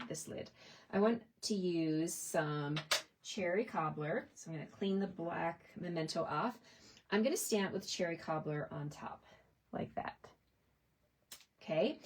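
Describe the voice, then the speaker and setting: A woman's voice: fairly low pitch, slight background noise. A woman giving a chatty, enthusiastic card-making tutorial, talking her viewers through each step. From Canada. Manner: chatty and enthusiastic, addressing viewers as you guys. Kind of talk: crafting tutorial.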